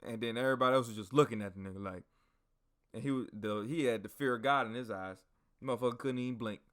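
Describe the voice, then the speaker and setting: A man hosting a podcast, telling a story in a casual, animated, slangy and profane way. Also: medium pitch, fast. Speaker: podcast host.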